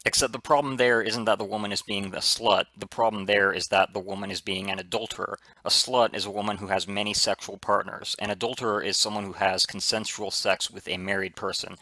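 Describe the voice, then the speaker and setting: A man delivering a measured, scripted argument, laying out precise definitions point by point. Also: lowish voice, steady tone, pushed and bright, no echo. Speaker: video essayist.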